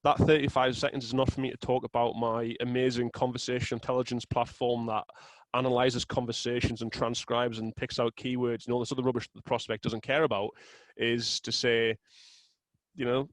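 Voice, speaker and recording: Measured man explaining things. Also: medium pitch, level tone, no room sound, poor audio. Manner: measured, explanatory, with fillers and restarts. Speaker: guest, sales software co-founder. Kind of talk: casual interview chat.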